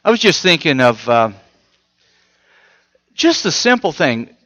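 A man's voice: on the high side, sing-song, measured pace, bright, forceful tone. A man preaching a sermon in a conversational way, often asking his listeners rhetorical questions. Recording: muffled audio with long hall reverb.

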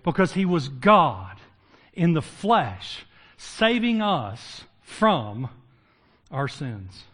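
An older man preaching a sermon to his congregation, mixing folksy jokes with passages that swing from loud and emphatic to low and hushed. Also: sing-song, very slow. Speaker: pastor.

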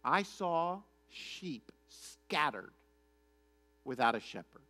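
A man preaching, putting on a blunt, sometimes sarcastic prophet who speaks lower and quieter. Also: big pitch swings, moderate pace, exaggerated voice.

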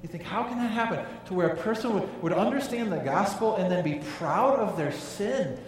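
Male pastor, sermon, slightly high voice, emphatic, questions to the congregation, echoey church hall, heard from a distance. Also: expressive, normal speed. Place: church sanctuary.

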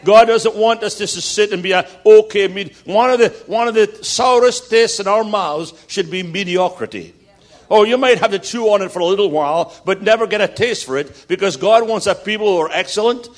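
Guest preacher, male, higher-pitched, rousing and humorous. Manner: rousing, builds to loud repeated declarations; jokey storytelling asides. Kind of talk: sermon.

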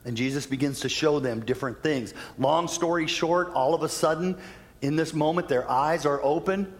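A male pastor, a little high-voiced, delivers an animated storytelling sermon. He speeds up and slows down for emphasis while a long church reverb hangs on his words.

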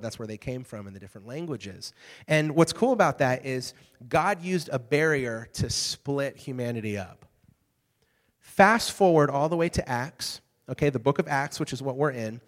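A young adult man preaching a casual youth sermon, telling stories with lively, conversational check-ins to his listeners. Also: medium pitch. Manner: conversational, animated storytelling with frequent "okay?" check-ins. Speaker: youth pastor. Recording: hall reverb.

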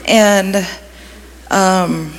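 A woman's voice: mid-range voice, steady tone, very slow. A woman youth ministry leader tells an emotional testimony at a church sharing time. She gushes and trails off through many fillers. Her voice carries a long reverb from the hall, with a faint hum of room noise.

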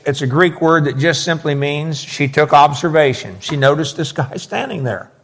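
A man preaching a verse-by-verse sermon, explaining scripture with emphatic, folksy asides. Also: fairly high pitch.

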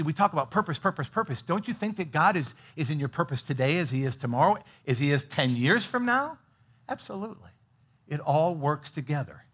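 A middle-aged pastor delivers a sermon in a husky, slightly breathy voice. He presses his points with sudden loud emphasis, then drops into hushed, intimate asides. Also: mid-range voice. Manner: earnest, swings from loud emphasis to quiet asides.

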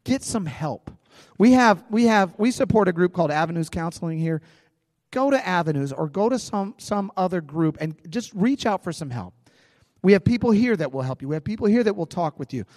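A man's voice: sits high, fairly quick, clean studio sound. Man preaching a story in a hall. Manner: conversational, animated storytelling with restarts. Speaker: pastor. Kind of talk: sermon with personal story.

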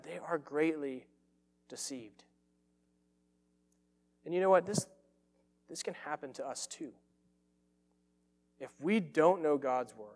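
Earnest preaching man in a reverberant hall. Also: on the high side. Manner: earnest, emphatic preaching with repeated phrases. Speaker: pastor. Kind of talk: sermon.

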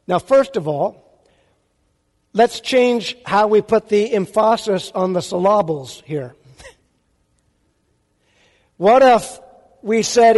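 A male pastor preaches with emphatic force, firing rhetorical questions at his listeners. His voice sits very high, and the sound rings out with a long reverb. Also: slow pace, pauses often, a little mellow. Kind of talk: sermon.

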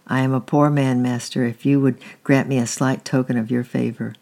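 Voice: mid-range voice, flat delivery, normal speed, gravelly, darkish tone, lightly acted. A reader voicing a greedy old goldsmith. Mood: whining.

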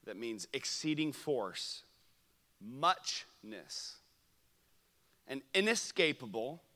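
Bright-voiced young male camp pastor. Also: mid-range voice, big pitch swings, slow, in a large hall. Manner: storytelling, shifts from loud to hushed. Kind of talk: sermon. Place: camp meeting room.

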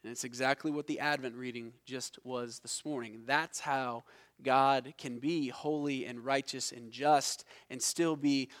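A man preaching a sermon, explaining word meanings deliberately and emphatically, dropping low and soft on key words. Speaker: pastor.

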